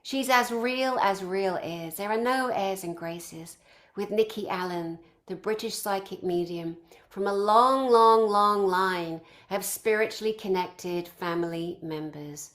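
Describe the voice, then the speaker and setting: A woman's voice: medium pitch, a little slow, a bit bright. A woman organizing a conference, introducing its speakers one by one and piling up effusive praise in long lists.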